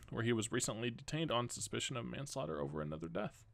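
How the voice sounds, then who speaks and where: A man's voice: medium pitch, big pitch swings, quick pace, vocal fry, fairly bright tone, no echo. A young man hosting a podcast at home, reading news stories aloud and adding casual, rambling asides. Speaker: podcast host.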